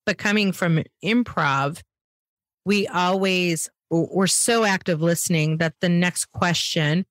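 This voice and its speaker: American woman, sales trainer vibe, lower voice, punchy and fast, dry mic. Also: no echo. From United States. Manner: emphatic, quick, rising pitch on key points. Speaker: podcast co-host, sales trainer. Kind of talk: casual chat.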